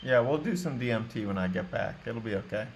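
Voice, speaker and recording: A man's voice: mid-range voice, expressive, quick pace, creaky, slight background noise. A man hosting a podcast, laid-back and profane, often saying dude and man. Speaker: podcast host. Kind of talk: casual podcast chat.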